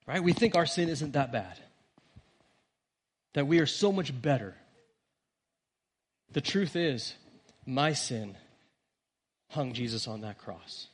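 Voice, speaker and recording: A man preaching a sermon to his church, earnest, rising on key words and dropping soft at the ends of phrases. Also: mid-range voice, expressive, slow, long pauses, husky. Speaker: pastor.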